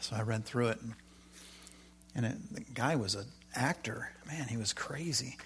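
A middle-aged man giving a sermon with a personal testimony, telling his story with animated swings from loud excitement to quiet asides. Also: moderate pace, a little hiss or hum. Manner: animated storytelling, rising loud when excited, dropping low for quoted asides. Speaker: preacher.

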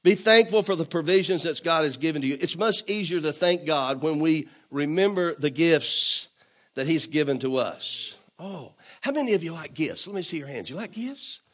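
A man with a notably high voice delivers a church sermon. He calls on the congregation for amens and repeats his points, swelling to emphatic declarations. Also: animated, moderate pace. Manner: call-and-response preaching, asks congregation to say amen; repetitive, emphatic, rising to louder declarations. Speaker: preacher.

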